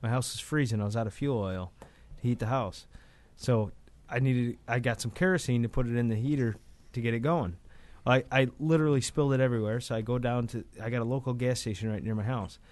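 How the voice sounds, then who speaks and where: A man's voice: mid-range voice, fairly quick, a little mellow. A man co-hosting a casual podcast, telling a long true story in a rambling way with repeated words. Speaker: podcast co-host. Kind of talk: casual chat. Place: Finger Lakes region of New York.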